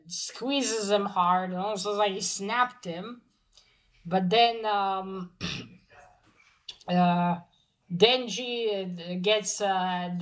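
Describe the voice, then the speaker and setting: Over poor audio, a woman with a mid-range voice gives a casual spoken manga review. She rambles through the plot with lots of fillers and restarts, then gushes when pointing out the cute art.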